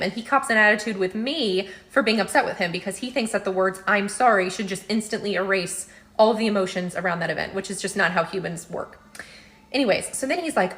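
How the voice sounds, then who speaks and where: A woman's voice: mid-range voice, fairly bright tone. Frustrated woman venting. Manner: frustrated, rambling. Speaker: TikTok poster venting. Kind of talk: casual venting to camera.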